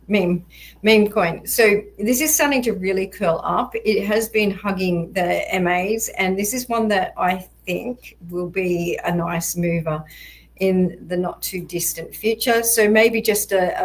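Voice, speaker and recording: A woman walking through crypto price charts in a measured, explanatory way, with frequent ums and a voice that is going hoarse. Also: fairly low pitch, low-quality recording. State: voice going hoarse, occasional coughs. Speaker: crypto market analyst. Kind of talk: chart analysis walkthrough.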